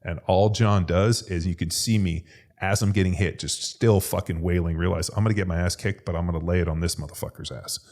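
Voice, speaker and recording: A man, a podcast co-host and former football lineman, telling a story in casual chat, profane and animated. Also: deep voice, a little fast.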